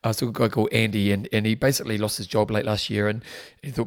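A man's voice: on the low side, fairly even intonation. A man, co-hosting a podcast in rambling casual chat. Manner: quick, rambling, chatty. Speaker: podcast co-host.

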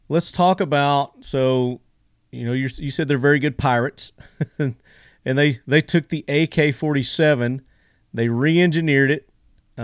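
A man's voice: medium pitch, smooth, no echo. A man hosts a podcast in a loose, easygoing way, often breaking into laughs. His voice is mid-range for a man. The recording is dry, with no room sound. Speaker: podcast host. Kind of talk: podcast interview.

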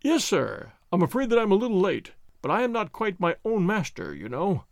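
A man reading an audiobook, voicing an evasive, smooth-talking male visitor who sounds glib and defensive. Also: sits high, huge pitch swings, normal speed, no room sound, clean studio sound, exaggerated voice.

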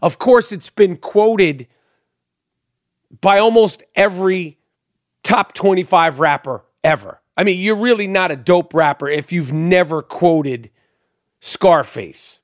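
A man's voice: high voice, no room sound, clean studio sound. A man hosting a podcast in a casual monologue, emphatic and profane, rambling with many repetitions. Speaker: podcast host.

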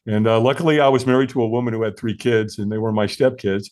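A man in his sixties from the United States, a podcast guest telling his own story in an earnest, animated way with frequent fillers and restarts. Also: on the low side, quick pace, hardly any pauses. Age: 60s. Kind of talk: conversational storytelling interview.

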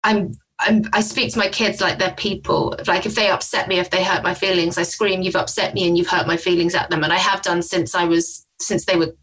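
Bright-voiced frank woman, candid chat. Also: fairly low pitch, steady tone, fairly quick, hardly any pauses, husky, poor audio. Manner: frank, self-deprecating, rambling. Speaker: guest. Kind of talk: candid conversation.

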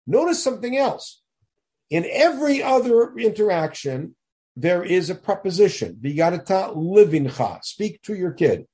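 A man teaching a text study lesson, explaining and questioning in an emphatic, animated way. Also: high voice. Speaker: Torah teacher.

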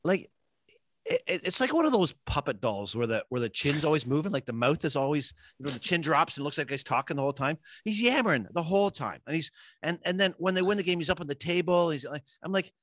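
A man's voice: on the high side, expressive, quick pace, fairly bright tone, dry recording. A man co-hosting a casual sports podcast, ranting with lots of restarts and repeated words. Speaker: podcast co-host.

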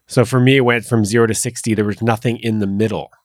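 A man's voice: lowish voice, fairly even intonation, fast talker, dry recording, studio quality. A man hosting a podcast interview, frankly sharing a personal story.

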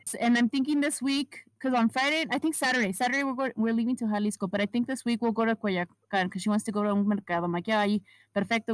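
A woman's voice: a little high, no room sound, rough recording. A woman co-hosting a casual chat podcast, describing her plans and mixing Spanish and English mid-sentence. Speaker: podcast co-host.

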